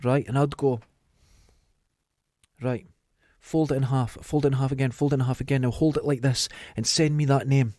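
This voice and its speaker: Scottish guy podcast chat, mid pitch, dry close mic, acts out the voices. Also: normal speed, dry recording. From Scotland. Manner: animated storyteller acting out quotes. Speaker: podcast host. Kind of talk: casual chat.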